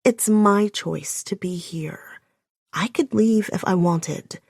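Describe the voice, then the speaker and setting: A woman's voice: medium pitch, slow pace, creaky, darkish tone, breathy edge, no echo, clean studio sound. A woman reading a first-person audiobook, breathless and often dropping to a whisper. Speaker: audiobook narrator.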